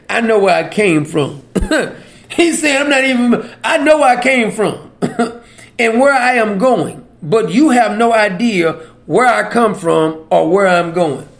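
A man giving an informal Bible teaching, animated and folksy, laughing often between verses. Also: high-pitched.

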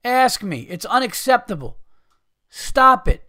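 A man's voice: very high-pitched, very animated, a little slow, pushed and bright, no room sound, studio quality. A man hosting a podcast, ranting in a profane, exasperated way. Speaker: podcast host. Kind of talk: casual ranting monologue.

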